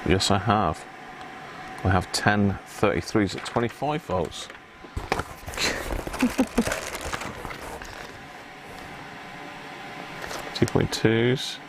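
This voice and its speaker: Low-voiced British man chatting while tinkering. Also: expressive, takes it slowly, noisy background. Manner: chatty, rambling, self-mocking. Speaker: radio repair livestream host. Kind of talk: casual livestream chat while working.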